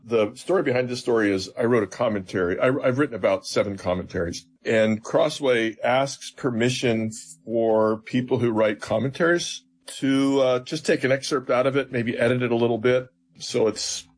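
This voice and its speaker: A man's voice: mid-range voice, moderate pace, few pauses. A man, a seminary professor, explaining scripture in an interview and retelling stories with emphatic quoted dialogue.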